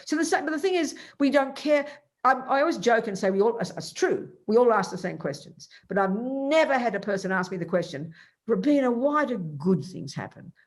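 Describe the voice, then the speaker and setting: A woman teaching as a Buddhist teacher, giving an emphatic, animated dharma talk and acting out the voices she quotes. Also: fairly high pitch, fairly quick.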